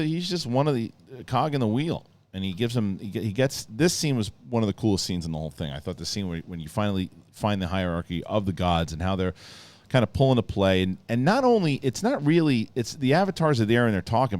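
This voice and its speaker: A man hosting a casual show, excitedly retelling scenes in a rambling way full of restarts. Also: sits low, no room sound. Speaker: show host reviewing a TV episode. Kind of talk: casual spoken review.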